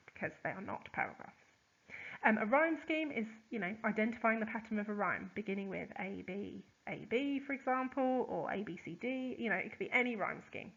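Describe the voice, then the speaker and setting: A woman's voice: medium pitch, fairly bright tone, highs cut off. Chatty woman teaching a lesson. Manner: chatty, explains with examples, many ums and uhs. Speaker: English teacher. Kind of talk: recorded lesson explaining terms.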